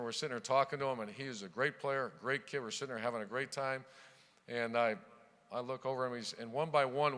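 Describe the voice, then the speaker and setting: A middle-aged man from Ohio gives a storytelling keynote from a podium, his voice bright, clean and crisp. He spins anecdotes in a punchy way and gets louder when he opens a new chapter. A long reverb from the big banquet hall trails behind his words. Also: mid-range voice. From Ohio, USA. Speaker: keynote speaker, football coach.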